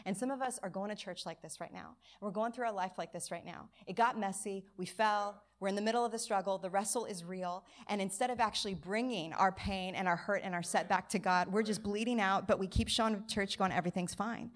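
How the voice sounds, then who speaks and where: A woman pastor preaching a sermon at a church service, telling a childhood story with lively acted-out quotes. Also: mid-range voice, a little fast, hardly any pauses.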